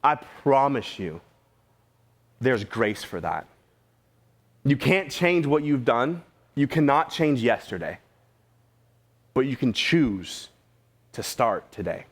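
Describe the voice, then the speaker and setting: A man's voice: mid-range voice, very animated, takes it slowly, long pauses. A man preaching a sermon in a church, casual and conversational, with slang and repeated questions to the room. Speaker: pastor. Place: church sanctuary.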